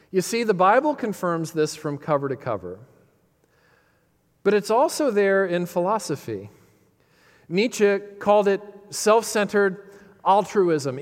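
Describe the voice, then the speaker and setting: A man preaching a sermon, emphatic and dramatic, lifting his voice on key phrases and sinking low and quiet for serious points. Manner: dramatic pauses, quotes lines with feeling. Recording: long hall reverb.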